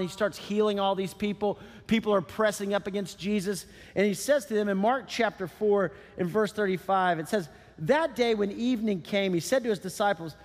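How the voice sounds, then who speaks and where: High-pitched pastor guy, chatty animated preaching, long church hall reverb. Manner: animated, conversational preaching with asides. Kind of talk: sermon.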